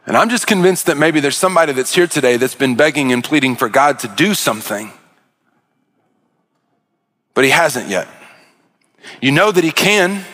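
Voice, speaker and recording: A man's voice: a little high, animated, normal speed, long pauses, fairly bright tone. A man preaching a sermon as pastor, impassioned, often repeating words and restarting mid-phrase.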